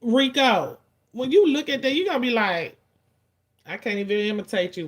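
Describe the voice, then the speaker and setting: A woman's voice: a little high, normal speed. Blunt, profane woman with Black speech. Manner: blunt, profane, animated storytelling. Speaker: commentator. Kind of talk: casual commentary.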